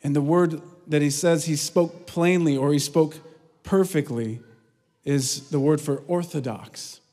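A man preaching in a big reverberant hall, his voice sitting a touch high for a man. He tells stories with lively energy, then sinks into soft, earnest prayer. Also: a little slow. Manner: earnest, lively storytelling with hushed prayerful lows. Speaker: pastor. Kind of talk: sermon. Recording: long reverb of a large hall.

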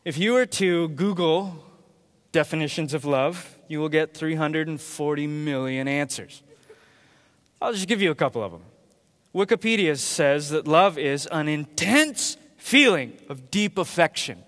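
A man preaching a sermon to his church in a conversational, storytelling way, getting animated when he imitates others. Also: fairly high pitch, a little slow, long reverb tail. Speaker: pastor. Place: church sanctuary.

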